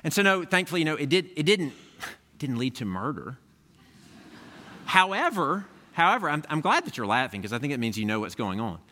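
A man's voice: a little high, big pitch swings, a little fast, pushed and bright, a little hiss or hum. A man preaching a sermon as pastor, talking to the congregation in a conversational way and often checking in with them. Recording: echoey hall with long reverb.

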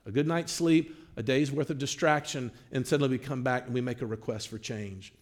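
A pastor teaching a marriage class and taking questions, animated, acting out little bits of dialogue. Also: male voice, mid-range voice, brisk. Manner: animated, acts out quoted dialogue.

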